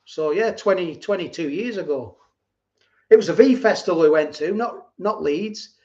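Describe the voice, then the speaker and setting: A man's voice: high-pitched, expressive, normal speed, darkish tone. A middle-aged man chatting casually on a livestream, rambling and repeating himself as he answers viewers. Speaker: livestream host. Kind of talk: casual live chat reading viewer comments. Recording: dull lo-fi stream audio.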